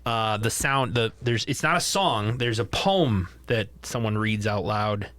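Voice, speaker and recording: A man's voice: on the low side, unhurried. A man co-hosting a podcast, casually retelling a movie plot and acting out the characters' lines. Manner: animated retelling that acts out quotes. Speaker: podcast co-host.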